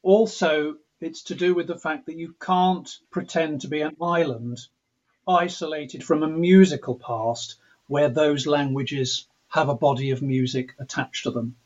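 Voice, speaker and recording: Husky English man, musing aloud. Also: on the high side, fairly even intonation, measured pace, darkish tone. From England. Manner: reflective, restarts sentences, mimics accents playfully. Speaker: composer interviewed as guest. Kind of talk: thoughtful interview talk. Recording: dull lo-fi audio.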